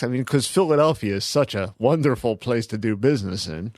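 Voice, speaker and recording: A man's voice: mid-range voice, lively intonation, brisk, a little mellow, no room sound, clean studio sound. A man co-hosting a casual podcast, telling rambling stories with sarcastic asides. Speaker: podcast co-host.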